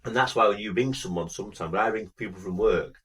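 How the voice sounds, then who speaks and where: A man co-hosting a casual podcast, with a fairly low voice. He talks chattily with frequent ums and slips into mock-polite impressions of callers. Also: fast talker, fairly bright tone, husky, distant mic. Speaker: podcast co-host. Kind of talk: casual chat.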